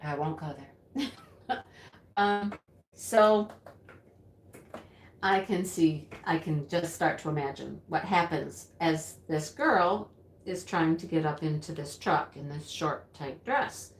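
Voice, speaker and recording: A woman telling a story in an animated, exclaiming way. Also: sits low, takes it slowly, long pauses, a little hiss or hum. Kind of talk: storytelling chat. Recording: roomy echo.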